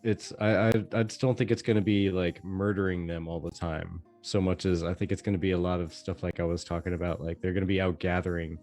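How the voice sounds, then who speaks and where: A man co-hosting a casual gaming podcast, telling animated stories at length. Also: low-pitched, soft background music. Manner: animated storyteller, drawn-out explanations. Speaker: podcast co-host.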